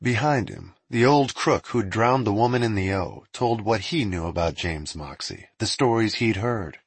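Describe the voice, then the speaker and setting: A man narrating a storybook with an expressive reading. His voice is husky and moves animatedly. The recording is dry and close. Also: on the low side, normal speed, no echo.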